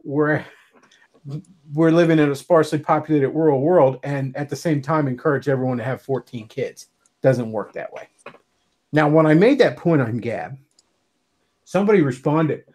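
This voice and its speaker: Hosting a livestream, an American man launches into a heated, casual rant packed with sarcasm and nonstop swearing. His voice sits slightly high and has a somewhat mellow quality.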